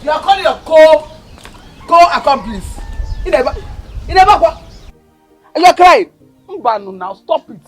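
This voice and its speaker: A woman with a Nigerian accent playing a scornful, mocking older sister in a Nollywood film. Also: high voice. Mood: taunting. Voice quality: loud, mocking, taunting. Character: scornful bossy young woman bully.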